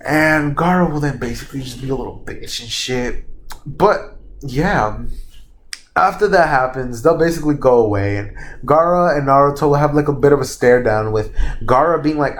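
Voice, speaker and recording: A man's voice: on the high side, lively intonation, normal speed, a little hiss or hum. A young man casually retelling a made-up fan story, rambling, stopping to recall names and correcting himself, swearing freely. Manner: laughs at his own slips, swears casually.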